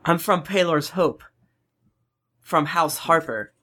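Bright-voiced earnest man role-playing. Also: fairly high pitch, slow pace. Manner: earnest, stumbling restarts, playful. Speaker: player. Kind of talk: in-character tabletop role-play.

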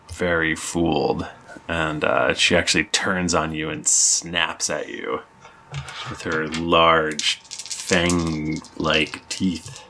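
A man running a tabletop game as game master, narrating in a halting way with many fillers. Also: deep voice, gravelly, bright, forceful tone.

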